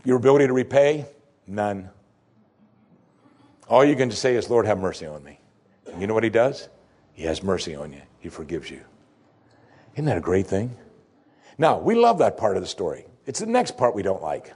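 Husky-voiced man preaching a sermon. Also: on the low side, sing-song, moderate pace, pauses often, a little mellow. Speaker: pastor.

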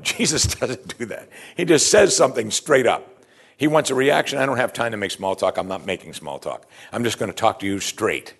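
A man preaching a sermon in an animated way, acting out the voices of the people in the passage he is teaching. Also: mid-range voice, creaky, slightly rough. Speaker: pastor.

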